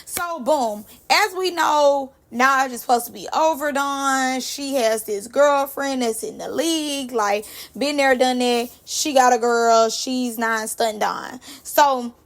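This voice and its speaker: A young woman recapping a reality show in a casual, animated, slangy way. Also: high-pitched, slow.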